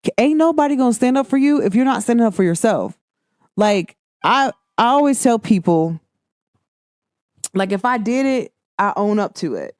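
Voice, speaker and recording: A woman hosts a casual talk show and talks in a lively, emphatic way. She slips into a higher voice when she acts out what people said to her. The sound is dry and close, with no room echo. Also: moderate pace. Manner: animated, emphatic, acts out quoted exchanges in a higher voice. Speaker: podcast host. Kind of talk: casual monologue.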